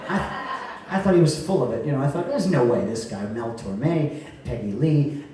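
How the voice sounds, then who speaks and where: A man from Rhode Island, a cabaret singer speaking to a live audience as he presents an award, chatty and joking, then going soft and tender. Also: mid-range voice, expressive, normal speed. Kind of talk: live stage speech to an audience. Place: cabaret venue stage. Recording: echoey room heard from a distance.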